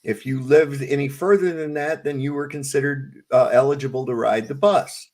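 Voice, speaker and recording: Speaking at normal speed with fairly even intonation, this middle-aged podcast co-host has a medium-pitched, darkish voice. His casual storytelling is blunt, profane, and full of rants.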